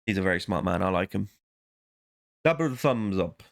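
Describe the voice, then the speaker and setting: A man's voice: low voice, lively intonation, moderate pace, gravelly. A man vlogging in a casual, rambling monologue, talking to himself and breaking off mid-thought. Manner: rambling, self-interrupting, muttering to himself.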